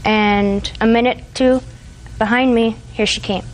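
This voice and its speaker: Young woman, 20s, defendant; rambling, halting testimony. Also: a little high, steady tone, a little hiss or hum, low-quality recording. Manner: rambling, hesitant retelling with fillers. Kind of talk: courtroom testimony. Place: TV courtroom.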